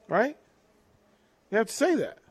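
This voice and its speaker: A man's voice: very high-pitched, big pitch swings, a little slow, husky. A man hosting a casual sports talk radio show, chatting loosely, restarting his sentences and reading out listener texts.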